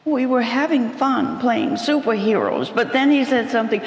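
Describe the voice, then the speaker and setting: A man voicing a hurt young flamingo in a children's story, speaking softly and wounded. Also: very high-pitched, expressive, normal speed. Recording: echoey church sanctuary.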